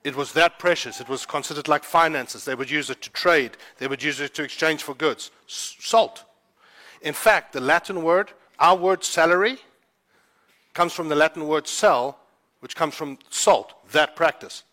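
A male pastor preaching in a fervent, chatty way. His voice sits a bit high and rings bright and forceful. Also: moderate pace. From South Africa. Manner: fervent, conversational storytelling. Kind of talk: sermon.

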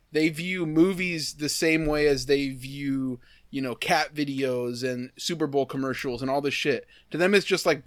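A man's voice: fairly high pitch, fairly bright tone, no room sound, clean studio sound. A man in casual chat with friends, ranting jokily and swearing freely. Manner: swearing, joking rants.

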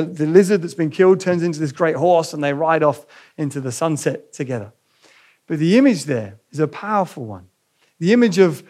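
Preacher man with a fairly high voice. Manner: reads quoted dialogue with lively acted voices. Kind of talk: sermon with dramatic reading.

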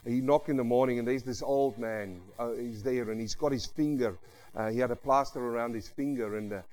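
A man's voice: medium pitch, fairly quick, a little mellow, poor audio. A middle-aged male pastor giving a sermon. He tells a story earnestly, with heartfelt restarts and repeated words.

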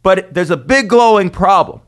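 A man telling a rowdy story in a casual podcast chat, animated and swaggering, acting out the people he describes. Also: high-pitched, normal speed. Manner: animated, swaggering storyteller who acts out the people in his stories. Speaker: podcast co-host.

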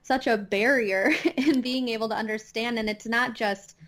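A woman's voice: a little high, fairly even intonation, normal speed, fairly bright tone. A woman from the Chicago area with a Midwestern accent, a guest chatting casually and laughing often. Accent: Midwestern American. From Chicago area, Illinois. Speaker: podcast guest, astronomer. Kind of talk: casual chat.

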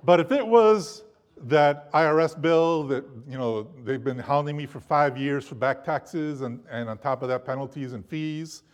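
Male pastor, slightly high-pitched, delivering an animated, emphatic sermon to a seated congregation. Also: moderate pace. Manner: animated, emphatic preaching with shifting loudness.

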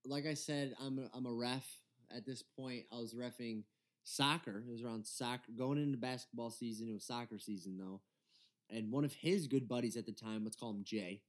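A young man in his twenties co-hosts a casual podcast chat. He tells his side of a story in an animated way, laughing often and swearing freely. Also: medium pitch, brisk. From Michigan. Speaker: podcast co-host.

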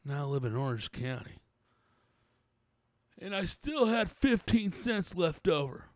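A man's voice: on the high side, big pitch swings, a little slow, dry recording. A man voicing a bitter, foul-mouthed middle-aged man who rants and keeps raising his voice. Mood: ranting. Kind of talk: comedic character rant.

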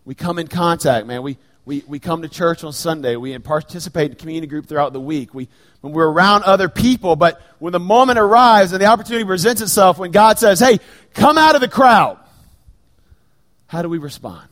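A middle-aged man preaching a sermon in a church sanctuary, dropping to hushed, slow lines and then rising to loud, raised bursts. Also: fairly high pitch. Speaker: pastor. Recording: long reverb of a large hall.

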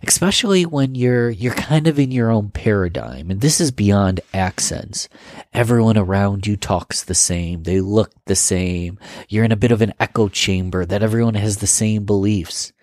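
A man's voice: fairly low pitch, normal speed, a little mellow, dry recording, clean studio sound. A man from Rochester, New York, with a Western New York accent, musing aloud in a casual monologue and putting questions to the listener. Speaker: vlogger.

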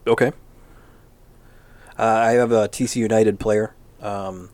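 Low-voiced man with brief dry remarks. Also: fairly even intonation, slow pace, a little mellow, no room sound. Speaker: sports podcast co-host. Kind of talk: casual chat. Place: small podcast studio.

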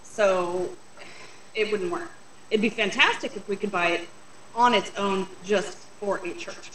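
A woman's voice: mid-range voice, measured pace, a bit bright, distant mic, slight background noise. A woman co-hosting a casual chat, practical and listing things off. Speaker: co-host. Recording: roomy, a bit off-mic.

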